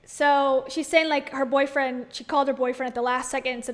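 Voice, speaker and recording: A woman's voice: sits high, level tone, brisk, hardly any pauses. A woman giving casual, sarcastic, playful commentary as a YouTuber.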